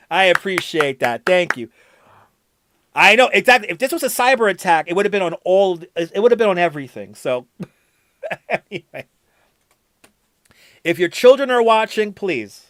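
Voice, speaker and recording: Foul-mouthed livestreamer reading chat, bright voice. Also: male voice, high-pitched, no room sound. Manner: reads viewer comments aloud, curses freely, laughs often. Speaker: livestream host.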